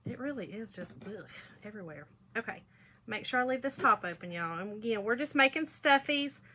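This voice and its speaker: A woman's voice: a little high, animated, a little fast, pushed and bright, a little hiss or hum. Chatty woman hosting a craft stream. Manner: chatty and folksy, reads viewer comments aloud. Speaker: craft livestream host. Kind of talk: casual crafting livestream chat.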